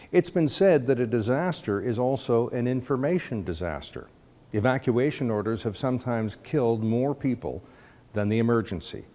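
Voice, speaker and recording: A man giving a measured, scripted introduction to camera as presenter. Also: mid-range voice, dark tone. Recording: long hall reverb.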